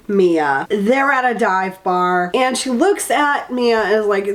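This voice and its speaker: A young woman rants her way through a book review in a blunt, sarcastic, fired-up way. Her voice still carries a sick, worn-out tiredness. She speaks at an ordinary middle pitch for a woman. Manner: candid, sarcastic, fired-up ranting. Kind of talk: casual rant review. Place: indoors in a house, in a spinning chair.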